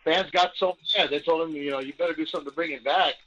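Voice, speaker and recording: A man's voice: fairly high pitch, steady tone, fast talker, a bit bright. A man co-hosting a podcast, chatting casually and rambling through strong opinions. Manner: rambling, opinionated, does mock impressions. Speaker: podcast co-host. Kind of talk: casual chat. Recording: dull lo-fi sound.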